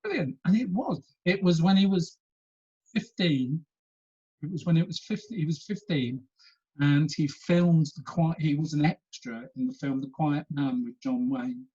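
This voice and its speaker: A man with a husky voice telling stories as a guest in an animated, chatty way, laughing often. The recording is dull and lo-fi. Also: on the high side, measured pace. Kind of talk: casual storytelling chat.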